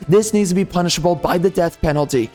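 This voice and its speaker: A man's voice: sits high, fast, darkish tone, soft background music. A man hosting a gaming commentary channel, delivering an angry, insulting political rant full of repetition.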